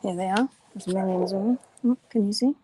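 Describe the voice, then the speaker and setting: A woman hosting a casual live stream in a quiet half-whisper, her voice a little croaky. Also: medium pitch, brisk, background noise. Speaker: hoof care instructor and vlogger. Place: workshop ante room near a presentation.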